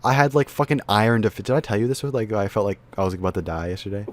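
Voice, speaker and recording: A man's voice: fairly low pitch, rapid-fire. A young man hosting a casual podcast chat, joking crudely and swearing a lot. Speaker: podcast host.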